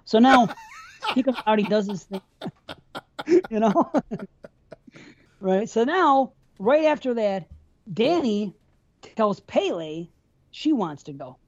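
Woman, co-host, mellow dark tone, swears a lot, rambles through scene recaps, slightly muffled recording. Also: mid-range voice. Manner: profane, rambling, retells scenes at length. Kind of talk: casual film discussion.

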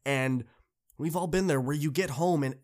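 A man's voice: fairly high pitch, normal speed, a little mellow. A man hosting a podcast, giving an earnest, encouraging motivational talk to students that builds to emphatic peaks. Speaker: podcast host.

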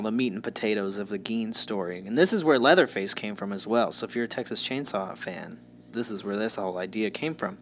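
A man co-hosting a casual true-crime podcast. His voice sits at an ordinary middle pitch, and he tells grim details with dry, sarcastic jokes. A faint hiss sits under the studio mic. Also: fairly bright tone. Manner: joking, sarcastic, narrates case details. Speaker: podcast co-host.

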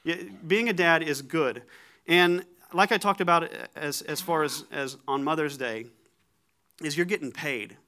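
Male preacher, conversational sermon, slightly high, bright forceful tone, self-deprecating humor. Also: measured pace, a little hiss or hum. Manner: animated, joking, self-deprecating; repeats words when starting thoughts.

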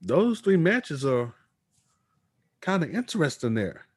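A man's voice: on the high side, big pitch swings, slow pace, breathy edge, dry recording, clean studio sound. A man co-hosting a podcast, casually chatting about wrestling news and reading quotes aloud. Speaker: podcast co-host.

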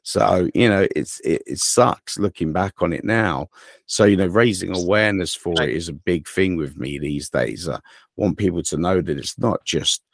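A man's voice: deep voice, moderate pace, creaky, no room sound. A man with an English accent hosting a casual podcast chat, rambling and full of "you know", with dry teasing humor. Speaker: podcast host.

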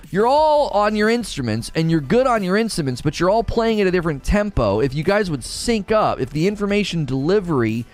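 A male streamer chatting live about a game. His delivery is lively and swings in pitch, and he restarts and repeats himself as he thinks out loud. Quiet music plays in the background. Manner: animated, rambling, repeats words. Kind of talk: casual live-stream chat. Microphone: desk mic through mixer and preamp.

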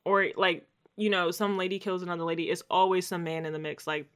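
A woman's voice: fairly low pitch, fast talker, clean tone. A woman co-hosting a podcast, casually recapping a TV episode and acting out the characters' lines. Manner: animated storytelling, acts out quotes. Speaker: podcast co-host.

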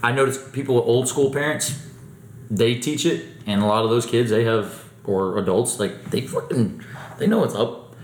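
Man, casual podcast chat, animated, lively intonation, echoey room. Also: mid-range voice, moderate pace, slight background noise.

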